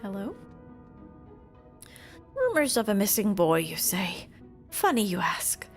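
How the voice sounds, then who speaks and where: A woman's voice: mid-range voice, very animated, takes it slowly, faint music behind. A woman voicing a chatty male traveling merchant in a fan game voiceover. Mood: folksy.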